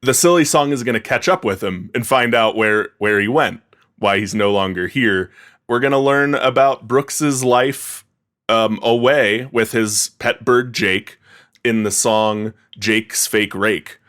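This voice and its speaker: A man pitching a silly comedy idea to a panel in a relaxed way. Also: measured pace. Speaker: podcast panelist.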